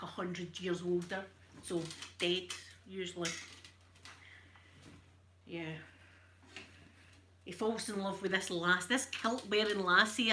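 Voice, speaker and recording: A woman's voice: medium pitch, background noise. A middle-aged woman with a Scottish accent chatting casually and joking through an ASMR ironing video, laughing often. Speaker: ASMR creator.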